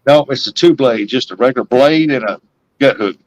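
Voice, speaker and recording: A man's voice: medium pitch, fairly quick, no echo, dull audio. Rambling man, casual stream host, dry close mic. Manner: rambling, laughs often. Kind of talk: casual chat.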